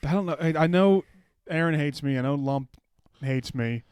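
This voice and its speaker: Young guy chatting on a podcast, clean smooth voice, dead dry room. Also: on the high side, normal speed, a little mellow, no room sound. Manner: laid-back, storytelling. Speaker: podcast co-host. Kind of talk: casual comedy podcast chat.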